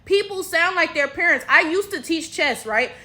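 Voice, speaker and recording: High, bright-voiced woman ranting bluntly. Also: expressive, moderate pace. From United States. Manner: blunt, profane ranting with rhetorical asides. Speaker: commentator. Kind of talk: casual commentary vlog.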